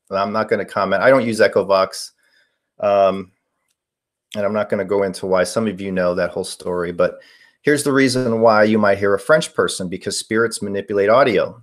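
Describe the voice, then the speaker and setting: Rambling man in his forties, lowish voice. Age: 40s. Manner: rambling, reading chat questions aloud with fillers. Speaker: paranormal live-stream host. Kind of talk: casual live-stream Q&A.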